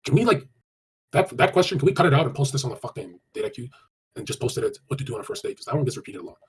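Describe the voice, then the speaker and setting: On a live stream, a man hands out blunt, crude dating advice, cursing often and rattling through answers to chat in a rapid, run-on flow full of fillers. His voice is medium-pitched and very animated, with a slight hiss or hum in the audio.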